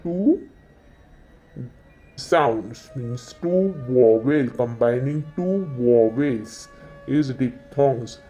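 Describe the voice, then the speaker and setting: A man giving a slow exam-revision lesson, repeating each definition several times. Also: medium pitch, expressive, warm tone, faint music behind. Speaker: teacher.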